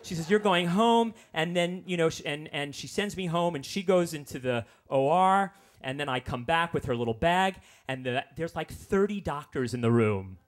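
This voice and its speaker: A man in his fifties doing stand-up storytelling, exasperated and self-mocking, with quick asides. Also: fairly high pitch. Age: 50s. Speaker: comedian telling a personal story.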